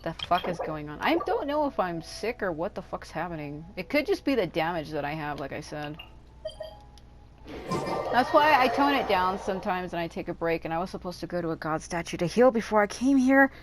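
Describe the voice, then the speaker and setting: A woman with a raspy voice chatting casually and swearing often while commenting on her gameplay, rambling off into asides. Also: lowish voice, sing-song, a little fast, noisy background. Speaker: gaming YouTuber. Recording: game music behind the voice.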